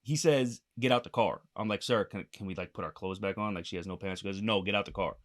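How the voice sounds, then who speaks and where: A man's voice: fairly low pitch, fast talker. A young man telling a story on a casual podcast, swearing freely and acting out the quotes. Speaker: podcast co-host.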